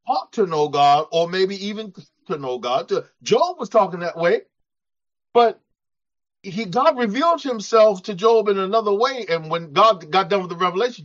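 Preacher guy giving a sermon, voices the quotes, muffled lo-fi church tape. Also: high-pitched. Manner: animated preaching, acts out quoted voices, chuckles often. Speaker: pastor. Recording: dull lo-fi church recording.

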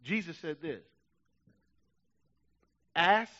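A man preaching a sermon with passion, dropping to a hush and then rising to shouts, urging his listeners on. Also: fairly high pitch, animated, drawn-out words, dull audio. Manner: impassioned preaching, swinging from hushed to shouting. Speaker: pastor.

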